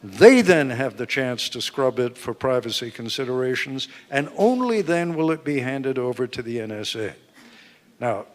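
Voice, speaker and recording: A man, an author being interviewed at a live book event, explaining points in a measured, emphatic way. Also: medium pitch. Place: event hall with live audience. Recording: long hall reverb.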